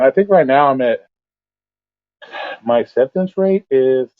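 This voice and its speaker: A man's voice: mid-range voice, dry recording. A blunt man holds forth in a loose, profane rant as host of an open call-in stream. His voice comes through a thin, phone-like line. The sound is dry and close, with no room around it. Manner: blunt, swears constantly, rants. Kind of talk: casual profane chat.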